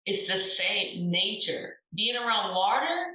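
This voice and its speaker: Woman host, affirming and unhurried, bright voice, sitting back from the mic in an echoey room. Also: medium pitch, animated, far from the mic. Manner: warm affirming, brief agreeing replies. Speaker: podcast host. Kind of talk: casual podcast chat.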